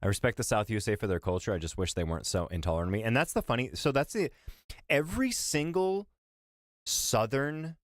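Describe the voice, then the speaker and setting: A man chatting on a live stream while reacting to a video, rambling, profane and animated. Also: mid-range voice, fairly quick, no room sound, clean studio sound.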